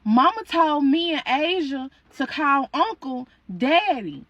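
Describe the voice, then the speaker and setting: Little girl, eight or nine, weepy and pleading, high voice, put on by a woman. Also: very animated, takes it slowly, a bit bright, dry recording, dull audio, full character voice. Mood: tearful. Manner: pleading and earnest.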